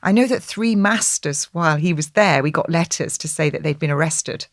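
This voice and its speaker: A woman's voice: sits low, normal speed, no room sound, studio quality. A middle-aged woman speaking emphatically as an interview guest, repeating herself with frequent ums and restarts. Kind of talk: conversational interview.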